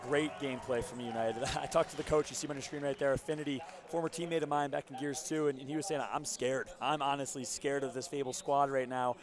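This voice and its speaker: A hoarse man calls an esports match at a rapid clip, his voice worn from cheering. A loud crowd roars behind him as he breaks down each play. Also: mid-range voice. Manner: excited, analytical color commentary. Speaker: esports commentator.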